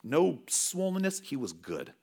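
Animated conversational male pastor. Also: fairly high pitch, measured pace, creaky, slightly rough. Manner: conversational storytelling with animated swings. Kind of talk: sermon.

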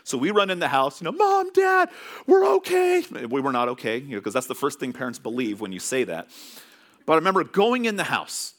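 A man preaching a sermon as a pastor, telling stories in a conversational, animated way. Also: mid-range voice, fast. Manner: conversational storytelling with animated swings.

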